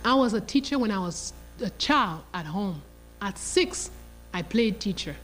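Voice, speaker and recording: An older woman lecturing in an animated, emphatic storytelling style. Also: medium pitch, measured pace, soft background music. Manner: animated, emphatic, acts out quoted dialogue.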